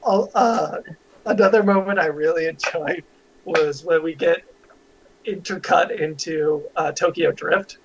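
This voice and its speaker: A man's voice: fairly high pitch, unhurried, a crowd in the background. A man co-hosting a casual podcast chat, giggly and nitpicking as he talks. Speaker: podcast co-host. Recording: muffled lo-fi recording.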